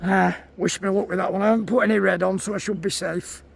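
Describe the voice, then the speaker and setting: Chatty man vlogging outdoors, very high pitch with gravelly fry. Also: fairly even intonation, fast, slight background noise. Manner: chatty, talks to animals and viewers. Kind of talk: casual vlog chat. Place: outdoors in a field.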